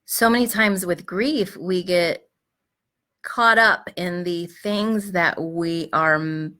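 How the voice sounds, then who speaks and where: Middle-aged woman host, low-pitched yet bright and forceful tone, gentle advice talk with fillers. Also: slow. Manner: gentle, reflective, frequent fillers and restarts. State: clearing her throat. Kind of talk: live-streamed advice talk.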